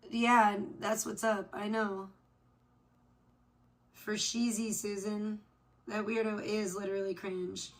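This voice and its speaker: A woman's voice: medium pitch, flat delivery, slow, pauses often. A woman hosting a casual livestream chat off camera, rambling to her viewers, swearing freely and trailing off with "I don't know.". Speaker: livestream host. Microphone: off camera, not seen.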